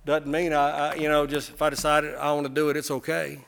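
A middle-aged man preaching a sermon, impassioned, swelling to loud peaks and often repeating his words. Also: fairly high pitch, completely flat delivery, a little fast, gravelly, few pauses, smooth. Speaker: pastor.

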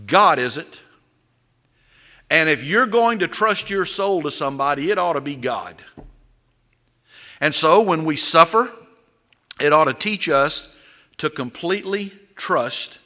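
Slow, emphatic preacher in an echoey hall. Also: male voice, medium pitch. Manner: slow and emphatic, with sudden loud rises. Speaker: pastor. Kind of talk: sermon.

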